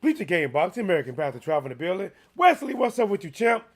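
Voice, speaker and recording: Man, casual sports commentary host, animated, slightly hoarse, fairly high-pitched. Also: fast. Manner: animated, chatty, with frequent restarts and fillers.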